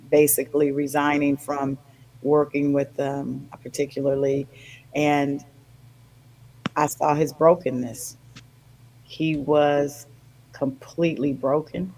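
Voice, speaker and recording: Older lady telling an emotional story on a podcast, gets lively, does the voices. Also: sits low, rough recording. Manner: animated, acts out quoted voices. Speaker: podcast guest.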